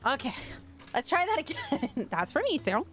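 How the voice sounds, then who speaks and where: A woman's voice: sits high, huge pitch swings, moderate pace, fairly bright tone, faint music behind. Chatty lady gamer on stream, bouncy voice, talks to her dogs, laughs a lot. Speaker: streamer playing a video game. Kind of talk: casual live-stream chat.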